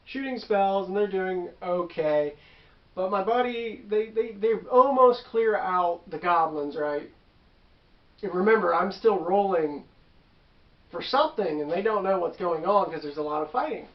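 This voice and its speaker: Brief: chatty game master, man, high-ish voice, rambling with asides, dull roomy sound. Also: unhurried. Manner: rambling, with asides and self-corrections. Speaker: tabletop game master recounting a session. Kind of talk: casual storytelling.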